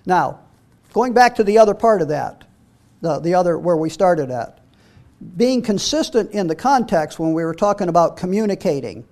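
A middle-aged man preaching a verse-by-verse sermon. His voice sits high for a man. He reads scripture aloud and stumbles over repeated words as he restarts. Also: animated, moderate pace, a little mellow.

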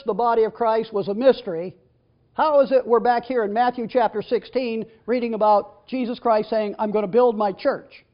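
A man's voice: sits high, dull audio. A man preaching a sermon and teaching from the Bible, reading scripture aloud with emphatic stress.

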